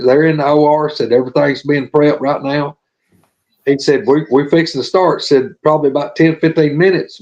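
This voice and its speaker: This man's voice is a little high with a darkish tone. As a guest on a casual live show, he gives a long personal account, drawling, folksy and earnest, as though testifying, all captured in muffled lo-fi sound.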